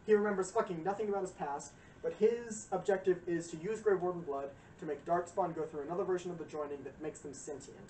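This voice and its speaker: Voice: mid-range voice, quick pace, few pauses, a little mellow. A young adult streamer rambles through a casual lecture, swearing freely and tossing in fillers. The voice sits a little away from the mic in a roomy, echoing space. A faint hiss lies underneath. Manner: profane, rambling, frequent fillers and acted quotes. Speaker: streamer giving a game lore lecture. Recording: roomy echo, distant mic, faint noise.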